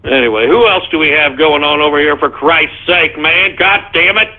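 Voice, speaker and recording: A man hosting a shock-jock call-in radio show, talking in a loud, mocking, rambling way. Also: on the high side, normal speed. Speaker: radio talk show host. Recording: lo-fi phone-like radio sound.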